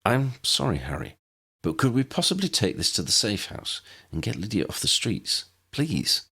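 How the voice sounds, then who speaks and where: A man's voice: medium pitch, big pitch swings, moderate pace, vocal fry, sharp tone, slightly rough, voice pushed up, heavily acted. A man voicing a courteous male wizard who speaks politely but with urgency in a fan audiobook. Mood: urgent.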